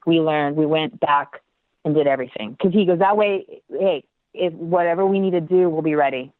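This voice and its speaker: A woman dancer telling a story in an interview, animated, acting out the voices she quotes and laughing often. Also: low-pitched, moderate pace, no echo. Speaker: guest dancer. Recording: tinny phone-like line, dry.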